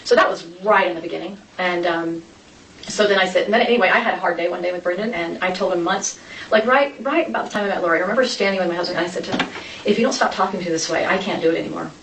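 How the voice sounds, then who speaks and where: A woman with a lowish voice talks fast through a personal story, stumbling over restarts and acting out quoted conversations. She sounds set back from the mic in an echoey room. A faint hiss sits under her. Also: fairly bright tone, far from the mic. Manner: rambling, full of restarts and quoted dialogue. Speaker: interview guest.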